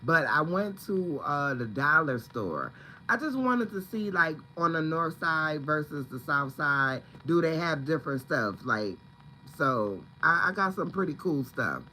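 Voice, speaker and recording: A man's voice: a little high, big pitch swings, measured pace, pushed and bright, slight background noise, low-quality recording. A man chatting casually on a home livestream, rambling and greeting viewers by name. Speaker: livestream host. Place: at home, indoors.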